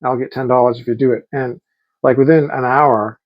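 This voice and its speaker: A man's voice: medium pitch, fairly even intonation, fairly quick, muffled recording. A middle-aged man telling rambling, enthusiastic stories in a casual vlog. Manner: rambling, enthusiastic, quotes people in voices. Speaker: vlogger.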